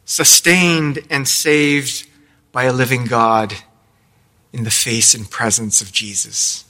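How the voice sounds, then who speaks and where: A man's voice: mid-range voice, sharp tone. A man preaching a sermon in church, telling the story with playful asides. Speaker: pastor. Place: church sanctuary.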